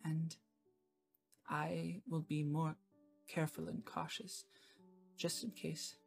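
A woman voicing a kindly female innkeeper who speaks gently and earnestly and calls people "my dear". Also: low voice, little pitch movement, takes it slowly, creaky, soft background music, heavily acted. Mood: warm sincere.

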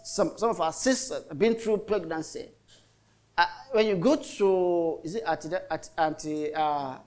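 A middle-aged Nigerian man preaching a sermon as a pastor, telling stories in a chatty way with lots of repetition. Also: high-pitched. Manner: chatty storytelling with repetitions and mock voices.

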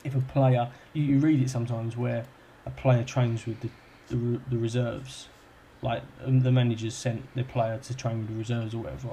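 A young man talks in an easy, rambling way, stacking fillers and restarting his sentences. His voice sits at an ordinary middle pitch. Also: level tone, moderate pace, mellow, slight background noise. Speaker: football club kit man, podcast guest. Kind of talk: casual chat, storytelling.

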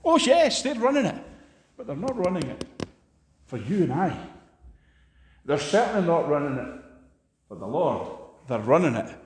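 A man preaching an impassioned sermon, swinging between loud emphatic peaks and hushed asides. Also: a little high, big pitch swings, normal speed, long pauses.

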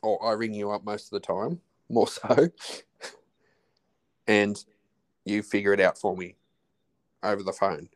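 An Australian man in his forties, the host's husband, chats casually as a podcast guest, often restarting and trailing off mid-phrase. His voice is on the low side with fairly even intonation, and he speaks a little slowly with long pauses.

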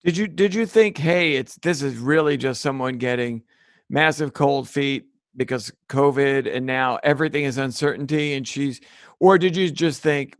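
Gravelly interviewer asking probing questions. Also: male voice, mid-range voice, expressive, moderate pace, no echo, clean studio sound. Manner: probing, follows up with pointed questions.

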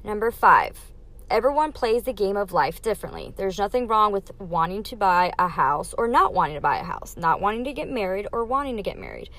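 A woman's voice: medium pitch, sing-song, fairly quick, fairly bright tone. Young woman podcasting solo, blunt and candid, swears casually, counts off life lessons. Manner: candid, emphatic, numbered-list delivery with casual swearing. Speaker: podcast host.

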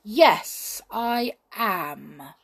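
A woman's voice: medium pitch, expressive, drawn-out words, gravelly, husky, full character voice. A woman voicing a clever young boy bluffing as a bold wizard in a storybook reading, talking in a commanding way.

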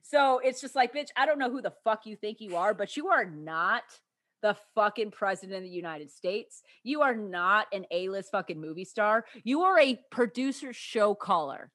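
A woman's voice: mid-range voice, animated, moderate pace, a bit bright, no echo. A woman hosting a podcast who rants in casual, heavily profane talk about work stories. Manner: profane, fired-up ranting. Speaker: podcast host. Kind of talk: casual chat.

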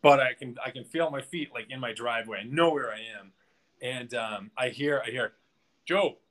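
A man speaking as a podcast guest, rambling through a personal story with lots of restarts and filler words. His pitch sits in the middle of the male range, and his talk stays loose and conversational. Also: a little fast, a bit bright.

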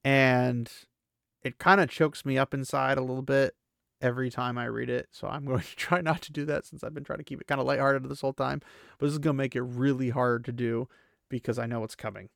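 A man's voice: medium pitch, steady tone, fairly quick, vocal fry, fairly bright tone, dry recording, studio quality. A man hosting a podcast, reading a fantasy novel aloud and chatting about it in an earnest, self-deprecating way. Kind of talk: book reading with casual commentary.

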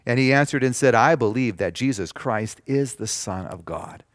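A man preaching a sermon, reading scripture slowly with emphasis and explaining it in simple terms. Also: medium pitch, expressive, dry recording, clean studio sound. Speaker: pastor.

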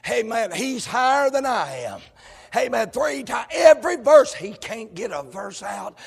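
A male pastor, preaching a sermon that swings from shouted, sung lines to low conversational talk. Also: big pitch swings, measured pace, creaky, breathy edge. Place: church sanctuary. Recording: long hall reverb.

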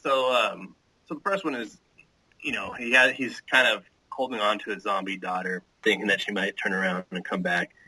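A man with a very deep yet strikingly sharp, husky voice, recapping a show in a loose, filler-filled chat. It sounds dry and close to the mic. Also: steady tone, normal speed, dry recording, low-quality recording. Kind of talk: casual TV chat.

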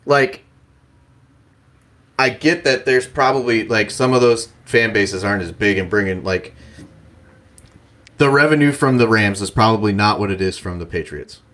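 A man's voice: lowish voice, moderate pace, long pauses, fairly bright tone. A young man co-hosting a casual sports podcast, cursing often and joking in loose banter. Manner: profane, laughing banter. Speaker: podcast co-host.

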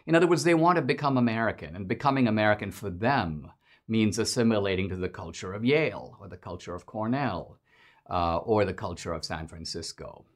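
A man's voice: on the low side, lively intonation, a little fast. A man hosting a podcast, giving an emphatic, mocking political commentary monologue. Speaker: podcast host.

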